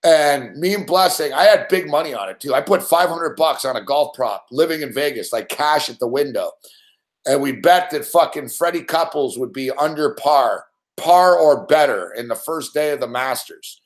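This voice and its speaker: A man hosting a late-night sports betting rant, swearing and yelling excitedly at the game while telling stories. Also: a little high, normal speed. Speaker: sports betting show host. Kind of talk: live rant while watching games.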